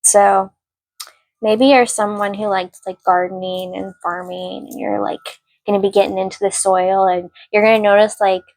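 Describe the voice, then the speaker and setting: A woman's voice: mid-range voice, little pitch movement, normal speed, no echo, rough recording. A young woman giving a casual, rambling tarot reading with lots of fillers. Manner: rambling, chatty, many fillers; yells at barking dogs mid-reading. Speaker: tarot card reader.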